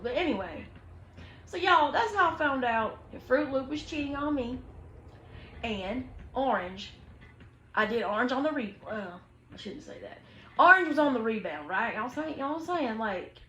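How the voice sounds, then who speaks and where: A young woman, telling a story to her viewers in an animated, slangy way, acting out what people said. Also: on the high side, roomy sound, a little hiss or hum, poor audio. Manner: animated, slangy, quotes people in lively voices. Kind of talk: casual storytime chat.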